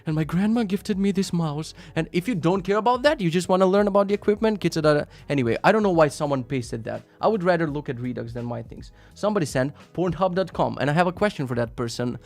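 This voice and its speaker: A man's voice: a little high, lively intonation, quick pace, vocal fry, hardly any pauses. Sarcastic, swearing male streamer. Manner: profane, sarcastic, swings between loud rants and mumbled asides. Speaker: live-stream host. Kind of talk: casual live-stream chat reading viewer links.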